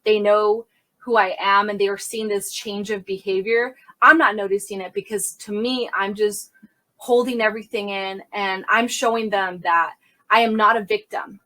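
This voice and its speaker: A woman crime scene investigator telling her story as an interview guest, animated and quick, acting out the dialogue she recalls. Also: mid-range voice. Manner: animated, fast-talking, reenacts dialogue. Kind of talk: candid conversational storytelling.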